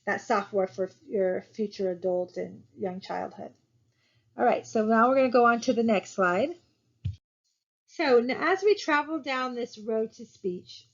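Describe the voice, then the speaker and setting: A woman's voice: a little high, a little mellow. Woman instructor, recorded lecture, explanatory and repetitive, muffled lo-fi audio. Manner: explanatory, repetitive, frequent fillers and restarts. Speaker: college instructor.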